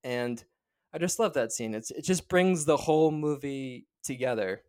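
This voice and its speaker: A man's voice: mid-range voice, animated, normal speed, darkish tone, clean tone. A man co-hosting a podcast, chatting casually about a movie and retelling scenes with frequent restarts. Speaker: podcast co-host. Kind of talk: casual chat, film discussion.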